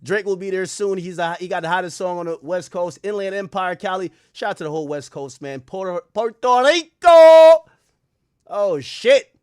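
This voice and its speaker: A young man hosting a livestream in loose, profane, joking chat, shouting out viewers by city. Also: sits high, no echo, clean studio sound. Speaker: livestream host. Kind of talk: casual livestream commentary.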